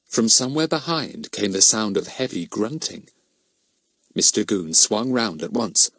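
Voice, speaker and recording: A man reads a children's mystery audiobook aloud in an animated storytelling style. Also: fairly low pitch, unhurried, dry recording. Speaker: audiobook narrator. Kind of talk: scripted narration.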